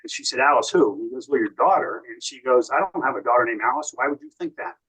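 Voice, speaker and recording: A man's voice: medium pitch, animated, fast, fairly bright tone, a little hiss or hum, low-quality recording. American man telling long war stories. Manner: long anecdotal storytelling, quoting others. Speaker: podcast guest. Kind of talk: casual storytelling.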